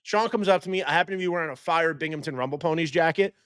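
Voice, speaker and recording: A man co-hosting a casual podcast chat, telling lively anecdotes and laughing as he talks. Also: a little high, rapid-fire, clear, resonant tone, no echo, clean studio sound. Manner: animated storyteller who laughs mid-sentence. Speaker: podcast co-host.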